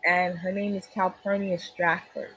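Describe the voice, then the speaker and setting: A woman hosting a casual interview, upbeat and quick to laugh. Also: fairly low pitch, level tone, a bit bright. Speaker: host. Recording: dull lo-fi recording with faint hum.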